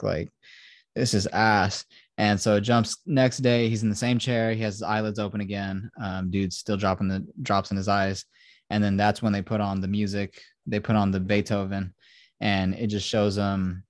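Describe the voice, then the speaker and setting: A man's voice: sits low, dry recording, clean studio sound. A man hosting a podcast, casually retelling a film plot, acting out quotes and swearing freely. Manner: casual, profane, acts out quotes. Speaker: podcast host.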